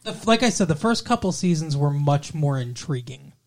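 A man's voice: fairly high pitch, animated, normal speed. A man hosting a casual podcast chat, rambling, trailing off and correcting himself as he goes. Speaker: podcast host.

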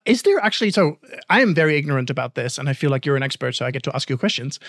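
A man hosting a podcast, reading a news roundup in a brisk way and then interviewing a colleague with dry quips. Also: mid-range voice, a bit bright, no room sound. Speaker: podcast host.

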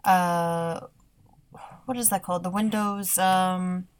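Woman guest, lower voice, unhurried and halting, casual chat. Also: steady tone, clear, resonant tone. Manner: hesitant, many fillers, laughs between words.

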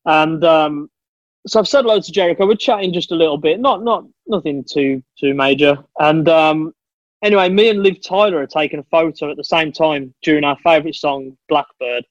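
A man with a slightly high voice tells stories with eager, chatty enthusiasm and keeps calling his friend mate. His voice comes through dull and lo-fi, with a dry, close sound and no room echo. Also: fairly quick. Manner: chatty, enthusiastic storyteller, says "mate" a lot. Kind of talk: casual chat.

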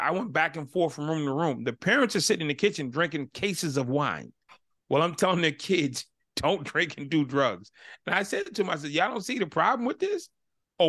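A man who is the guest on an interview podcast, telling stories in a casual, animated way and acting out both sides of each dialogue. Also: fairly high pitch, no echo, clean studio sound. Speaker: guest, motivational speaker.

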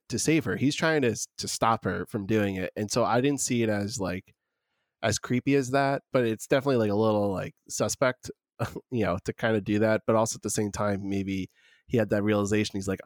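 Low-voiced man in relaxed film chat. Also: brisk, dry recording, clean studio sound. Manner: relaxed, many fillers like "like". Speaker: film discussion co-host. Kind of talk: casual film discussion.

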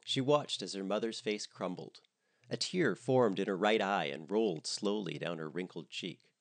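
A man narrating a comedic story in an expressive, animated reading style. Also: sits low, normal speed, vocal fry.

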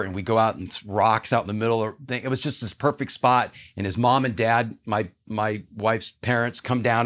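A man, a podcast guest, telling a personal story in an animated, earnest way and acting out other people's lines. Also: medium pitch. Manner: earnest, reflective.

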